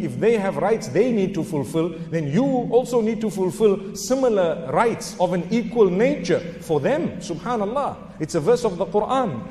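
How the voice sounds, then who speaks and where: A man's voice: high-pitched, mellow. A middle-aged man preaching a religious lecture, emphatic, asking his listeners rhetorical questions and dropping in Arabic phrases. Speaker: Islamic preacher. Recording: echoey hall reverb.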